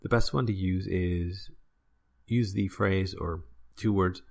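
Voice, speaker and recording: Male teacher, low gravelly voice, relaxed explainer, casual video lesson. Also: slow. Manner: relaxed, explanatory, frequent "uh" and "right?". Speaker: language teacher.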